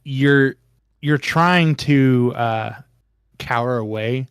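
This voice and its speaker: A man's voice: mid-range voice, extremely slow, smooth, no room sound, studio quality. A man narrating a tabletop game as game master, rambling with many ums and restarts.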